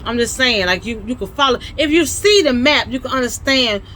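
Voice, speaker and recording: A woman's voice: a little high, animated, brisk, a bit bright, a little hiss or hum, low-quality recording. Chatty Southern woman teaching history. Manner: chatty, folksy, frequent asides. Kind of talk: casual explainer talk.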